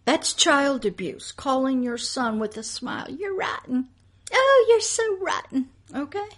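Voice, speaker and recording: A woman pastor preaches in a high voice. Her delivery is emphatic, with bold loud declarations that fall away into hushed asides. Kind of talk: preaching monologue.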